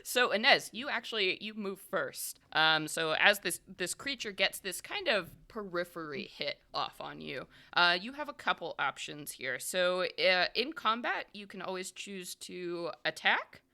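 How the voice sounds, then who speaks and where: A woman's voice: lowish voice, very animated, unhurried, gravelly, few pauses, pushed and bright. A woman narrating and explaining rules as game master of a tabletop horror game, in a chatty, explanatory way with many fillers.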